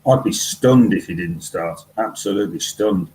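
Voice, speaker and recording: A man's voice: low voice, normal speed, darkish tone, a little hiss or hum, low-quality recording. A man on a fan podcast panel who talks bluntly and wryly, with frequent fillers. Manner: blunt, wry, with many fillers.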